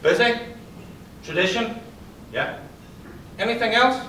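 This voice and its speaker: A man giving a motivational talk to an audience, telling stories and quizzing the crowd in a lively way. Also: high-pitched, takes it slowly, slight background noise. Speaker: conference speaker and psychologist. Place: event hall. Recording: roomy hall, distant pickup.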